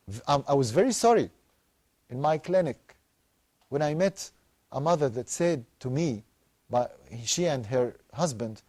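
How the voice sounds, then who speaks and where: A man's voice: on the high side, a little mellow, no echo. A man hosting a live family counseling show, giving emphatic advice to parents and repeating words for stress.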